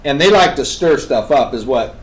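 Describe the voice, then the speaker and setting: A man on a talk show, telling a story with energy. He swings between loud, emphatic bursts and hushed, intense passages. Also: mid-range voice, animated, normal speed, poor audio. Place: radio studio.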